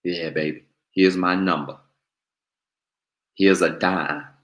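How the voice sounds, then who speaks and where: A man preaching who puts on a smooth-talking ladies' man, murmuring pickup lines in a deep, breathy voice. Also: steady tone, takes it slowly. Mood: seductive.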